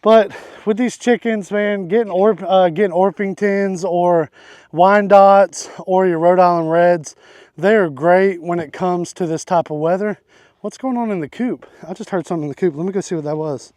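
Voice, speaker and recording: A young man with a fairly high voice chats casually while he works outdoors on his farm. He jokes around and talks to his chickens as he goes. The sound is dry and close, with no room echo. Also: moderate pace, darkish tone. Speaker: homesteader vlogger. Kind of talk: casual vlog.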